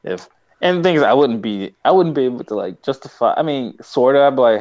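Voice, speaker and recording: A man's voice: mid-range voice, animated, a little fast, darkish tone, dull audio. A man co-hosting a podcast in casual chat, rambling through a show recap with lots of fillers and frequent laughs. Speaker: podcast co-host.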